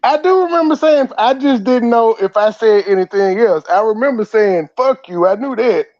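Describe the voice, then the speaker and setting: High-voiced man ranting on a stream. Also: normal speed, lo-fi sound. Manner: animated, profane, laughing rants. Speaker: host. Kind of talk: casual livestream chat.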